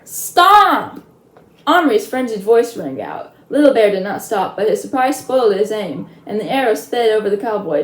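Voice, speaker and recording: A woman reading a children's chapter book aloud in a lively way, adding chatty asides. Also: mid-range voice. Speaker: storyteller. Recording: roomy echo.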